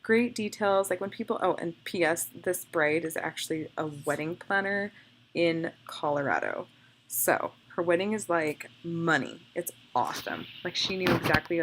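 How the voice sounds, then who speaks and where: A young woman with a low voice and a lot of vocal fry talks through a photo edit as she works. She chats and gushes over the shots and thinks aloud between clicks. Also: animated, normal speed, fairly bright tone, slight background noise. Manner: chatty, gushing, thinks aloud while clicking. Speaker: photographer demonstrating photo editing. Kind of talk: casual screen-recorded tutorial.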